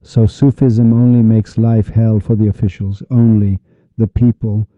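A man's voice: on the low side, level tone, measured pace, no echo. A man preaching a heated monologue on Sufism, sarcastic and insulting, with sudden angry outbursts. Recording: dull, dry lo-fi recording.

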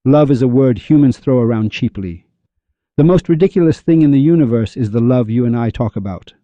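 A man giving a spiritual lecture on love, animated and full of rhetorical questions, acting out the voices of the people he quotes. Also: medium pitch, a little fast, no echo. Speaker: Sufi speaker. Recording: dull lo-fi recording.

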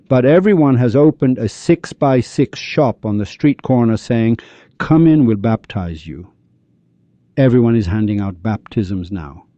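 A man with a deep, very dark and mellow voice delivers an animated spiritual lecture. He keeps firing rhetorical questions and acts out the people he quotes. The recording is dry and dull, with a lo-fi sound. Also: dry recording. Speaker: Sufi speaker.

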